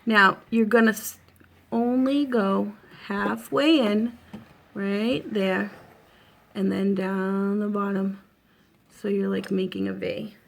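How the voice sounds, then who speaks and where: A woman's voice: medium pitch, steady tone, takes it slowly, creaky. A woman in her thirties with a Boston accent, hosting a casual makeup tutorial at home and talking the viewer through it with reassurance and plenty of fillers. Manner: chatty, reassuring, lots of fillers.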